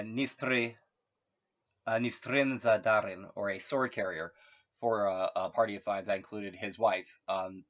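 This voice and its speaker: A man with a fairly low, fairly bright voice retells a story casually, rambling through lots of fillers and restarts while chuckling at his own jokes. The audio is muffled and lo-fi.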